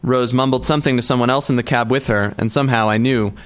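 A man's voice: mid-range voice, fairly even intonation, fast talker, smooth. A male narrator reading a first-person story aloud in a wry, dry manner. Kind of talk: audiobook narration.

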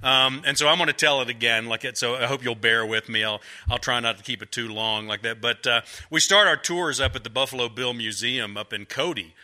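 A middle-aged man spins a loose, self-deprecating yarn for a crowd, wandering through asides and tics. His voice is strikingly bright and forward at an ordinary pitch for a man. He talks with an easy folksy humor. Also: a little fast, hardly any pauses. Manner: rambling, folksy and self-mocking, with a habitual "like that". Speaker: author speaking to a bookstore audience. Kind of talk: casual storytelling to a live audience.

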